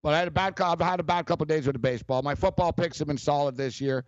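A man hosting a sports talk show, rambling and animated, with many fillers and frequent laughs. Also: on the high side, rapid-fire, no echo, highs cut off. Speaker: sports radio host.

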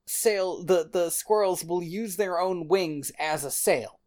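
A woman's voice: lowish voice, slow pace, a little mellow. A woman co-hosting a casual movie review podcast, giving dry, wry commentary. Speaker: podcast co-host.

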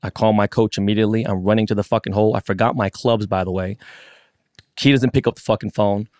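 Low-voiced man, swearing storyteller. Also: fast, no room sound, studio quality. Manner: excited, profane storytelling. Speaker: podcast co-host. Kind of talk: casual chat.

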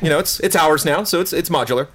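A man's voice: on the high side, quick pace, fairly bright tone. A man co-hosting a podcast, chatting casually and joking. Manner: joking, rambling. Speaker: podcast host. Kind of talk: casual chat.

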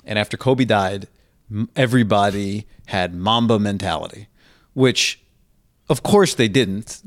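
Male sports radio guest, low-ish voice, halting questions, dry sound. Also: dry recording. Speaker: podcast guest and co-host. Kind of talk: casual sports talk.

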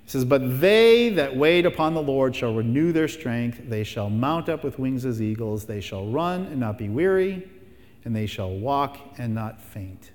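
A man's voice: mid-range voice, lively intonation, unhurried, darkish tone, long reverb tail. A man preaching a sermon as pastor, emphatic and fond of rhetorical questions and repeated phrases.

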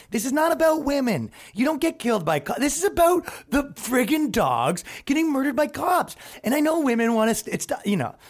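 A man hosting a podcast, delivering a rambling, profane, sarcastic comedic rant. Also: high-pitched. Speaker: podcast host.

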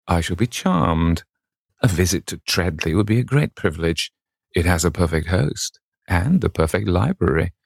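A man reading the lines of a witty, languid young aristocratic gentleman in an audiobook of a classic novel. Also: sits low, animated, normal speed, creaky, dry recording, studio quality, exaggerated voice.

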